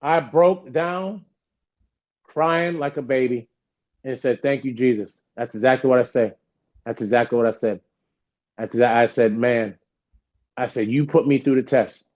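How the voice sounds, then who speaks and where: A podcast guest tells a story with animation, acting out the voices of the people he quotes during the interview. His voice is a little high and darkish, and the highs in the audio are cut off.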